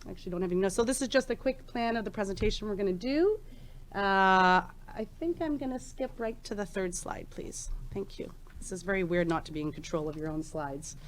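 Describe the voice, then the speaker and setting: A woman's voice: medium pitch, fairly quick, slight background noise. A woman in her forties presenting research at a conference in a chatty, informal way, with many ums and restarts, on a microphone in a conference room. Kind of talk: conference talk. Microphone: handheld microphone.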